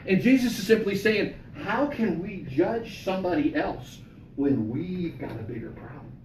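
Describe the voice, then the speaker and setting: A man's voice: high voice, lively intonation, normal speed, a little hiss or hum. A man leading a Bible study as pastor, talking conversationally, repeating himself and checking in with his listeners. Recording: echoey room from far off.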